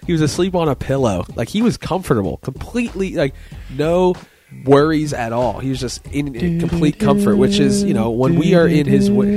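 A man's voice: on the high side, expressive, normal speed, few pauses. A man co-hosting a Christian radio podcast, joking playfully and laughing often. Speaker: co-host. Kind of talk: casual podcast chat.

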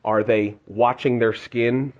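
A man's voice: medium pitch, flat delivery, takes it slowly, highs cut off. A man giving casual devotional teaching as a preacher, earnest and conversational, often restarting his sentences.

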